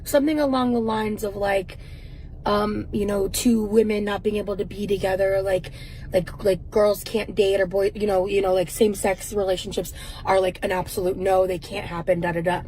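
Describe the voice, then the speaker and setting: A woman's voice: mid-range voice, steady tone, normal speed, a little mellow, slight background noise, low-quality recording. A woman telling a personal story in a vlog, rambling, with many restarts. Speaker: vlogger in a clip.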